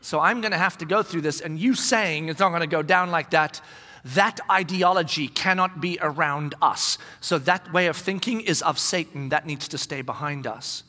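A male pastor preaching a conversational sermon in an animated way, acting out the voices he quotes. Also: a little high, normal speed, big-room sound.

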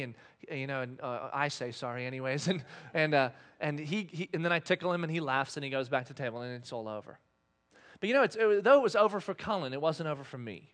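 A man in his thirties, a pastor telling a family story in a sermon, animated and swinging from quiet asides to loud outbursts. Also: high voice.

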